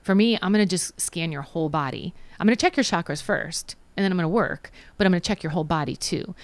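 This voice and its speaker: A woman's voice: fairly low pitch, fast, no echo. A woman guest talking casually about her healing practice, telling stories and quoting people in between. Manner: chatty, tells stories with acted quotes. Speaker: guest, psychic and Reiki practitioner. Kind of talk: casual interview chat.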